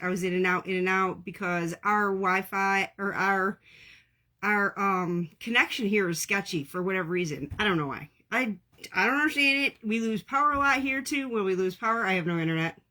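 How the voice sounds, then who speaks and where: A woman's voice: medium pitch, fairly quick, sharp tone. A woman, chatting casually with viewers as she hosts a crafting livestream from home, laughing often.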